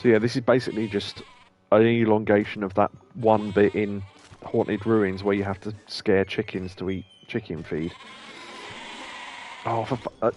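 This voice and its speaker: A man's voice: fairly low pitch, steady tone, normal speed, a little mellow, soft background music. A man hosting a game stream, commenting in a chatty, rambling way, laughing often and occasionally swearing. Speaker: streamer host. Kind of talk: let's play commentary.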